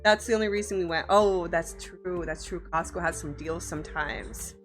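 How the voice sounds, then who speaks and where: A woman's voice: on the low side, normal speed, music in the background. A young woman streaming from home, chatting casually with her viewers, giggling often and swearing freely. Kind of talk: casual live-stream chat.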